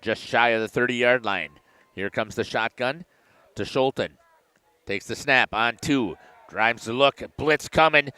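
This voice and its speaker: A man doing play-by-play commentary for a local high school football game, getting louder and higher on big plays. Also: a little slow, clear, resonant tone, dry recording. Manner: excited rising calls on big plays. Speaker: play-by-play announcer.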